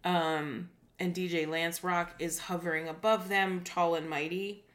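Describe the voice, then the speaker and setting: A woman's voice: lowish voice, fairly even intonation, a little slow, fairly bright tone. Laughing, sarcastic woman co-host. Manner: sarcastic, laughs often, puts on silly voices. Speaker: podcast co-host. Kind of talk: casual chat.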